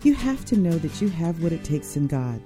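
A woman announcer reading a calm, clearly paced voice-over offer. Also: deep voice, normal speed. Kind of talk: product announcement. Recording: voice-over with guitar music.

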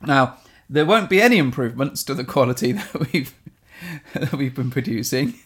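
A man's voice: medium pitch, expressive, normal speed, fairly bright tone. A man from England with an English accent, co-hosting a casual podcast in a playful, jokey way that sometimes bursts into silly voices. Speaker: podcast co-host.

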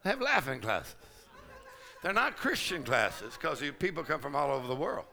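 Gravelly shouting preacher man. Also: a little high, big pitch swings, moderate pace, a faint crowd. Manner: shouting, laughing loudly, Southern colloquial speech. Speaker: pastor. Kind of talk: charismatic preaching sermon. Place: large conference hall.

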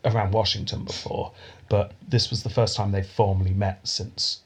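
A man hosting a casual history podcast, telling the story in a relaxed way with frequent chuckles. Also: fairly low pitch, normal speed, slightly rough. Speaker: podcast host. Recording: dull lo-fi sound.

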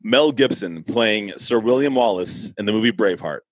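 A man's voice: on the low side, animated, moderate pace, no echo, poor audio. A man hosting a podcast in a laid-back, joking way. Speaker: podcast host.

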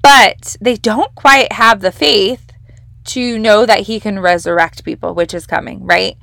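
A woman's voice: mid-range voice, measured pace, creaky, sharp tone, no echo, studio quality. A young woman hosting a devotional podcast, teaching from the Bible in a casual, enthusiastic, emphatic way. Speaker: podcast host leading a devotional.

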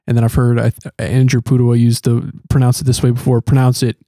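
A man's voice: medium pitch, monotone, fast, mellow, dry recording, studio quality. A man hosting an education podcast, asking guiding questions and being a little pedantic about pronunciation. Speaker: podcast host. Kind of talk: casual panel discussion.

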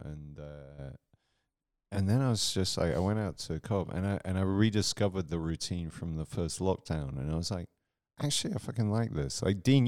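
A man's voice: deep voice, a little mellow, no room sound, clean studio sound. A man co-hosting a podcast, rambling and restarting as he muses in casual chat. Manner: rambling, halting, many restarts. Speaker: podcast co-host.

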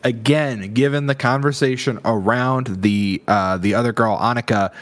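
Mid-pitched man explaining a scene. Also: moderate pace. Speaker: podcast co-host. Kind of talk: casual film discussion.

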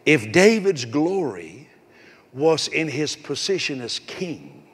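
A male pastor preaching a sermon with a raspy voice, emphatic and repetitive, calling out to the congregation. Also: fairly high pitch, very animated, slow. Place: church. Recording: echoey hall.

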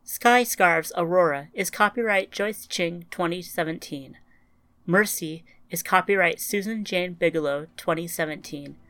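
A woman narrating a short story for a podcast in a measured, even storytelling manner. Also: on the low side, no room sound. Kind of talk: scripted narration.

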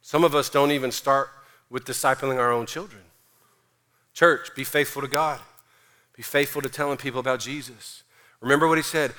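A man pastor preaching a sermon, emphatic and energetic, mixing in casual slang. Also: mid-range voice, moderate pace, pauses often.

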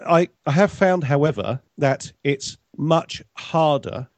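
A man's voice: fairly high pitch, slow, no echo. Chatty English man telling stories. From England. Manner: chatty storyteller, laughs often. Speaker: guest. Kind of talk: casual chat.

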